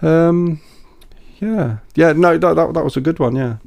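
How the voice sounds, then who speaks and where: A middle-aged man, a promoter and DJ, chatting on a podcast in a relaxed, rambling way that often repeats words. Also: on the high side, unhurried, creaky, no echo, clean studio sound. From England. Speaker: event promoter and DJ. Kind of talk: casual podcast interview.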